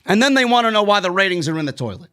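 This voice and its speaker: Brash New York guy with a high, bright voice, sarcastic, swearing, ranting through a show recap. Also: very animated, very fast, smooth. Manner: blunt, sarcastic, swears, rants. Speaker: wrestling show reviewer. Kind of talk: casual recap commentary.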